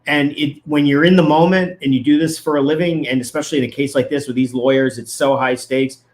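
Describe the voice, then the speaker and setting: A man's voice: a little high, fairly even intonation, a little fast, darkish tone. Emphatic lawyer man breaking down a case. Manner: emphatic, indignant arguing. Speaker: lawyer and legal commentator. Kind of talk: guest analysis in a casual interview.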